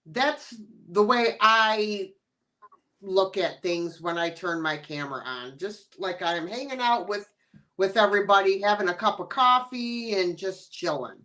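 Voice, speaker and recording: A woman hosting a casual live-stream chat, relaxed and chatty, laughing easily as she talks with friends. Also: mid-range voice, measured pace. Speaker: channel host.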